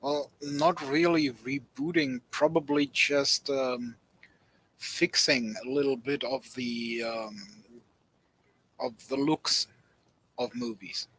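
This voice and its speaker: A man chatting casually on an online call, pausing often to search for his words. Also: mid-range voice, fairly even intonation, fairly bright tone, slightly rough, poor audio. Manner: hesitant, searching for words with many ums. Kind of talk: casual chat.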